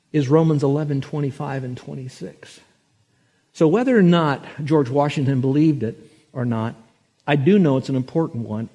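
A man preaching a sermon as a pastor, telling stories and slowing down with rising force when he quotes scripture. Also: husky. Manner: storytelling, slows and rises in pitch and loudness for scripture.

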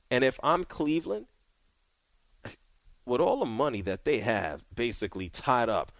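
A man hosting a call-in sports radio show, talking in an animated, conversational way with drawn-out emphasis. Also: mid-range voice, no room sound. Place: radio studio.

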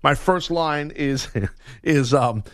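A man's voice: a little high, slow pace, a bit bright, no echo. A man hosting a sports radio show, joking and boasting in casual banter on a studio microphone.

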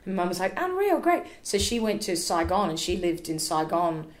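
An Australian woman telling stories in a casual chat, animated and laughing, acting out what people said. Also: fairly low pitch, fairly quick, roomy sound. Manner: animated, laughing storyteller who acts out quotes. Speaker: podcast guest.

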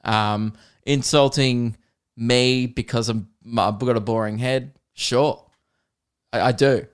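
A young man hosting a comedy podcast, telling animated stories with swearing and frequent laughter. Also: medium pitch, slow, clean tone. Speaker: podcast host.

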